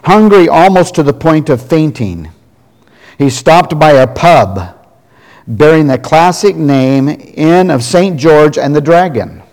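A man's voice: on the high side, animated, slow pace. A male pastor giving a sermon, telling stories in a folksy way and closing in prayer. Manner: folksy storytelling, ending in a soft prayer. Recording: long reverb of a large hall.

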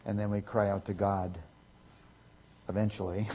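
Male pastor preaching, emphatic, somewhat husky voice, long hall reverb. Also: lowish voice, level tone, measured pace. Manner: emphatic, swings from loud to quiet. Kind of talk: sermon.

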